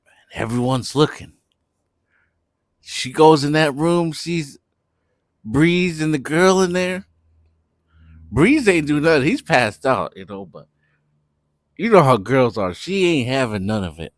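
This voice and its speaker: A man's voice: a little high, expressive, measured pace, pauses often, dry recording, studio quality. A young man telling a party story in a laid-back, slangy way. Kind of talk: casual storytime vlog.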